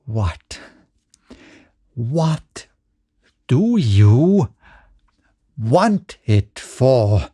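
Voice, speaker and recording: A harsh, flustered man snaps out short replies, as a male narrator voices him. His pitch leaps up when he gets agitated. It belongs to a dry, close storybook reading. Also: animated, takes it slowly, few pauses, dry recording. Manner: sharp and agitated. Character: harsh, flustered middle-aged man, quick to anger.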